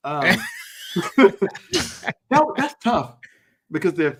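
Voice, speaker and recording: A man with a slightly higher voice, a coach on a sports talk show, breaks down plays emphatically. He talks in a folksy way and acts out what players might be thinking. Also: lively intonation, brisk, fairly bright tone, a little hiss or hum. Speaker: co-host and coach.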